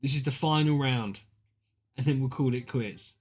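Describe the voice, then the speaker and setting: A British man at his desk mic, streaming a drawing game with his mates. He is excitable and sweary, with a mid-range voice, trading banter and reacting to every guess. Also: medium pitch, normal speed, husky. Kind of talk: casual gaming stream chat.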